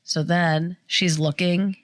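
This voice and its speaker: A middle-aged woman co-hosting a podcast casually tells a family story, animatedly acting out the voices of the people she quotes. Her voice is fairly low, and she takes her time.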